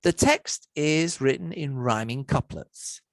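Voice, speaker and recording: A man giving an academic lecture to university students online, measured and methodical, setting out word lists one item at a time. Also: on the high side, no echo, low-quality recording.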